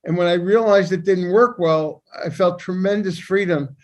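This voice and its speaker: A man's voice: sits high, fairly even intonation, moderate pace. An older man co-hosting a podcast, a psychiatrist who gives firm, opinionated views. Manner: emphatic and opinionated. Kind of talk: conversational discussion.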